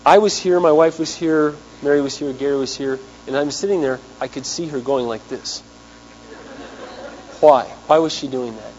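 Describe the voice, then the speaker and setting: A man's voice: fairly high pitch, normal speed, darkish tone. A man preaching a sermon as pastor, telling stories and asking the congregation rhetorical questions. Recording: dull lo-fi 1990s sermon tape with faint mains hum.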